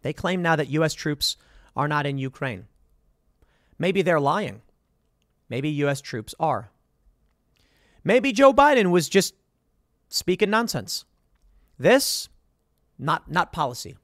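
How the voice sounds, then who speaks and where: Animated sarcastic male commentator. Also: fairly high pitch, slow pace, pauses often, no room sound, clean studio sound. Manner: sarcastic, emphatic. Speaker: political commentator. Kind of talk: reading and reacting to headlines.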